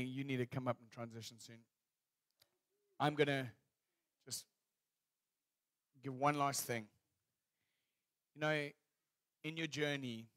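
This male pastor, medium in pitch, preaches with animated storytelling, acting out scenes and laughing at his own stories with warm humor. There's no echo on the recording.

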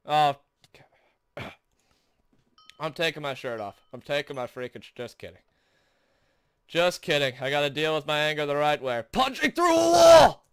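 A young man hosting a gaming video, commentating his own play in frustration, shouting and groaning between sarcastic mutters. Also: fairly high pitch, normal speed, pauses often, smooth, no echo, studio quality. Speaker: gaming channel host. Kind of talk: raging let's play commentary.

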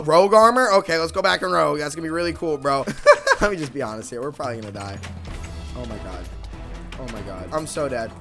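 A young man giving casual live gameplay commentary, excitable and quick to burst into shouts and panicked repeats. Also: fairly high pitch, soft background music. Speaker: gaming YouTuber.

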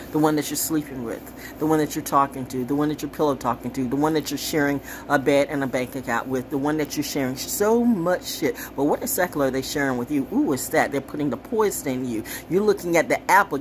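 A woman riffing to camera with a low-set voice that swings widely in pitch. She talks in an animated, rambling, sassy way, full of profanity and sharp asides, with faint room ambience behind her. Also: a little hiss or hum. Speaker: commentator. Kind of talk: casual monologue to camera.

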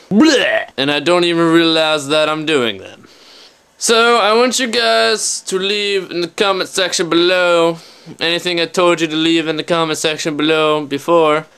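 Young male vlogger, slightly high, smooth clean voice; scattered, self-deprecating bedroom chatter to camera. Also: bright, forceful tone. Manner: jumpy, self-mocking, talks straight to the camera. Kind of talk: rambling casual vlog to camera. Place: his bedroom.

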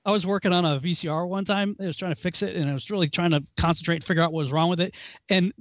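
A man with a fairly high voice co-hosts a casual Bible study talk. He tells stories in an animated way and breaks into small chuckles. The recording is dry and a little dull, like a lo-fi call. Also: racing, no room sound. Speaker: co-host.

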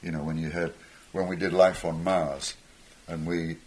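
A man's voice: sits low, flat delivery, moderate pace, a little mellow. An older man, a musician guest on stage, telling rambling anecdotes with chuckles and acted-out voices. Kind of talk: anecdotal storytelling.

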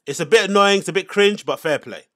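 A man's voice: high-pitched, expressive, fast, bright, forceful tone. A man hosting a casual commentary, reacting to podcast clips in an exasperated, sarcastic rant.

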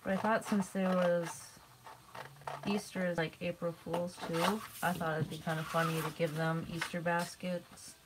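A middle-aged woman talks viewers through a craft project in a relaxed, chatty way, yawning now and then. Her voice sits on the low side, and a steady noise runs under the recording. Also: moderate pace. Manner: chatty and relaxed, with frequent yawns. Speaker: crafting livestream host. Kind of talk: casual livestream craft demo, chatting with viewers.

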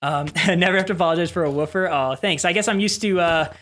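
An adult streamer giving rambling, excitable live commentary while playing game boss fights, with sudden yelps. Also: mid-range voice, fast. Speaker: streamer playing community-made game bosses.

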